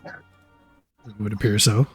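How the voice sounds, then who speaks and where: A man's voice: fairly low pitch, little pitch movement, slow pace, husky, soft background music, full character voice. A man voicing a guarded alien Zabrak in a cantina, who answers in short, wary lines. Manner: curt, guarded, sizing people up.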